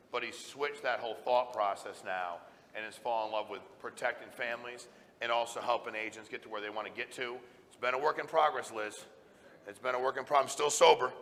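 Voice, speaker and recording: A middle-aged man, a company president, giving a blunt, forceful motivational talk to a live audience. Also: mid-range voice. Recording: reverberant hall sound.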